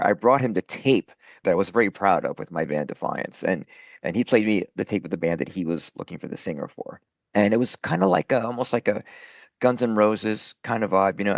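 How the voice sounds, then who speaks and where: Low gravelly-voiced man, rambling. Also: no echo. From Brooklyn, New York. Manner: rambling, self-deprecating, many fillers. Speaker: rock singer, guest. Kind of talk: casual interview chat. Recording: dull lo-fi dry sound.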